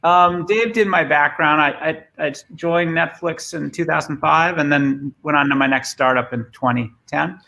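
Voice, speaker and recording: A man's voice: a little high, normal speed, gravelly, few pauses, sharp tone, dull audio. A man with a Boston accent giving a conversational remote talk, often repeating words as he starts a thought. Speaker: guest speaker.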